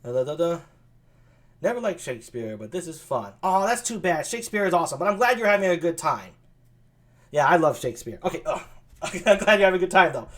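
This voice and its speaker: A man's voice: fairly high pitch, sing-song, brisk, fairly bright tone. A man reading a play aloud on a live stream, chatty, self-deprecating and full of hesitations.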